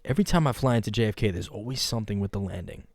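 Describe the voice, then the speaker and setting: A man's voice: lowish voice, lively intonation, very fast, no room sound, studio quality. A young man, co-hosting a podcast, talking emphatically and profanely, saying "bro" a lot. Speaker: podcast co-host. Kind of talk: casual chat.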